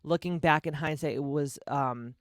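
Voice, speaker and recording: A woman's voice: low-pitched, normal speed, no echo, studio quality. A woman from Massachusetts in her forties, hosting her own podcast in a candid, blunt, profane solo monologue full of casual fillers. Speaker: podcast host.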